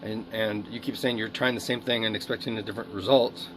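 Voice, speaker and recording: A man's voice: on the low side, level tone, a little fast, noisy background. A man speaking a rambling, emotional video diary monologue, swearing often. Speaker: video diarist.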